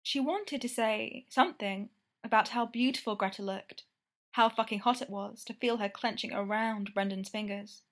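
A woman narrating a romance story with steady, intimate storytelling. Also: fairly high pitch, moderate pace.

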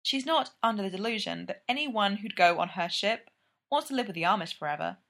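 A woman reading a story aloud. Her narration is expressive and lively, at a middle pitch. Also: brisk.

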